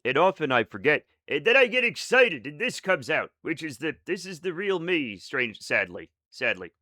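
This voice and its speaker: A man chatting live with his viewers, rambling in an excitable, self-mocking way. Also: fairly high pitch, moderate pace, no echo, clean studio sound. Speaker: streamer. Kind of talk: casual live-stream chat with viewers.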